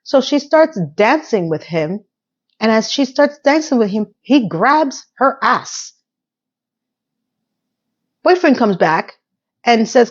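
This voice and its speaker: A woman's voice: on the high side, sing-song, takes it slowly, pauses often, dull audio. A woman casually recapping a TV episode, chatty and full of opinionated asides.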